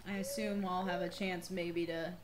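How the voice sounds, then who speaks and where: In casual let's-play commentary, a young woman with a slightly worn, fairly low voice speaks at a moderate pace with little pitch movement, over a little hiss or hum. She's chatty and profane, laughing frequently as she plays.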